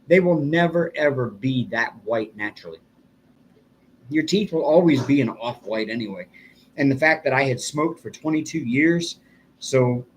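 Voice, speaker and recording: An older man with a mid-range voice hosts a casual livestream, chuckling often as he tells a long, rambling story. There's a little hiss or hum in the audio.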